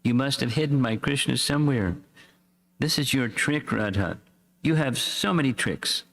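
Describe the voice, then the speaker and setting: A man's voice: normal speed, vocal fry, fairly bright tone. A man voicing a distraught, pleading mother. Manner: tearful, imploring, pitch lifted when crying out. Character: distraught pleading mother, middle-aged woman. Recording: echoey hall reverb.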